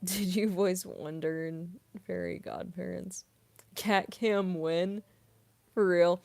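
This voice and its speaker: A woman's voice: on the low side, steady tone, takes it slowly, creaky, darkish tone. A young woman, a voice actress, chatting casually on a livestream as she answers viewer questions. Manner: chatty, giggly, heavy on "like". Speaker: voice actress, streamer.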